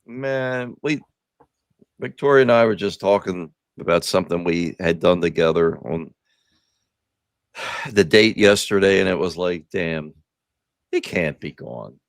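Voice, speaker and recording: Male podcast host, low and animated, dry close sound, profane nostalgic rambler. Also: measured pace, vocal fry, pauses often, no room sound. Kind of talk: casual chat.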